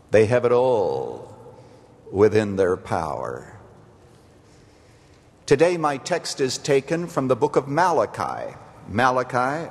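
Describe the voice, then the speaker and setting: A pastor, a man, preaching a sermon slowly and earnestly, with solemn pauses. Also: medium pitch, long reverb tail.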